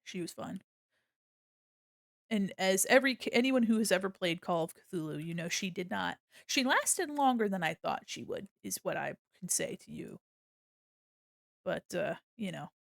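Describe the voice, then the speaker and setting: A young woman chats on her stream as she draws, playful and quick to laugh, with a casual swear here and there. Her voice sits at a middle pitch and moves freely up and down. The sound is dry and close, with no room echo. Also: expressive, vocal fry. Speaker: streamer and illustrator. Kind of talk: casual chat while drawing on stream.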